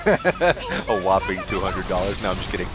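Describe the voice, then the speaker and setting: A man's voice: sits low, very animated, moderate pace. A young man with a Southern US accent, chatting crudely and joking while he plays a game on a live stream. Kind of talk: casual chat while gaming. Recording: game music loud behind. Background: game music.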